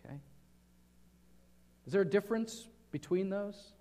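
A man preaches in an earnest way and keeps putting questions to his listeners. His voice sits high for a man. Long reverb from a large hall hangs on every phrase. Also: expressive, measured pace. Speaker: pastor. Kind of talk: sermon.

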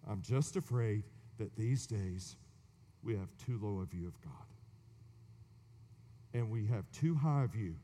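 A man's voice: on the low side, animated, measured pace, long pauses, mellow, big-room sound, slight background noise. A man preaching a sermon, dramatic, dropping to whispers and rising for emphasis, with sarcastic asides. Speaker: pastor.

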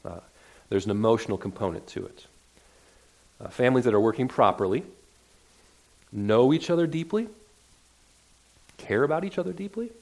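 A male pastor delivers a sermon in an earnest, conversational way, at a middling pitch. He often stumbles and restarts mid-sentence as he presses his point to the congregation in the church. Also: animated, normal speed, creaky, long pauses, a little mellow. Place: church sanctuary.

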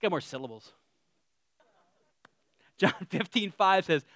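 A man preaching a casual, humorous sermon, animated, with self-deprecating asides that trail off quietly. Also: high voice, takes it slowly, no echo.

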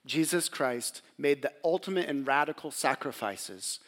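A man's voice: medium pitch, expressive, moderate pace, a bit bright. A man preaching a sermon, dramatic, acting out biblical voices and dropping to a near whisper at tender moments. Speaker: pastor.

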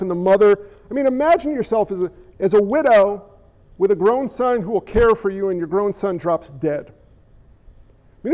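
A man. He tells the story vividly, slipping into characters' voices and dropping to a hush for tender moments. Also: high voice, highs cut off. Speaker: pastor. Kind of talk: sermon with acted-out scenes.

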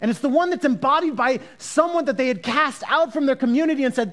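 A man preaching a sermon as a pastor, earnest and animated, often repeating words as he starts a sentence. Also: very high-pitched, brisk, hardly any pauses.

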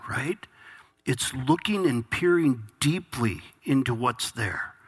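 A man's voice: fairly high pitch, fairly bright tone. A middle-aged man preaching a conversational, earnest sermon to his congregation, restarting phrases as he goes. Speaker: pastor.

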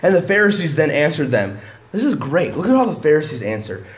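A man's voice: on the high side, big pitch swings, a little fast, reverberant. A male pastor preaching a sermon in an emphatic, conversational way, often breaking off and restarting his sentences.

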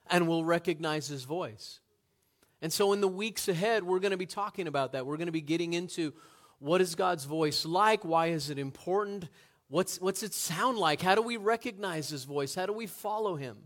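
A man's voice: fairly high pitch, fairly bright tone. Earnest male pastor preaching a sermon. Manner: earnest, rising to emphatic peaks, rhetorical questions.

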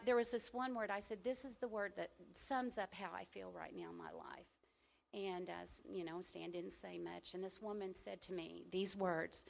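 A middle-aged woman from the American Midwest preaching a sermon and telling a personal testimony, conversational, with loud emphatic bursts and soft asides. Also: medium pitch, gravelly.

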